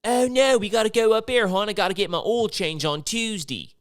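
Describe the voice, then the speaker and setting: A man putting on a loud Baltimore local with a thick accent, in shrill, exaggerated mockery. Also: brisk, dry recording, studio quality, lightly acted. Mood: mocking.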